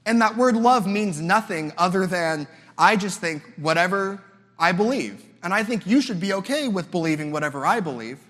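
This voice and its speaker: A young man delivers a sermon in a chatty, animated way, slipping into little impressions of other people and stumbling over repeated words. His voice sits a bit high for a man. The sound carries the long reverb of a large hall. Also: moderate pace. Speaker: guest preacher.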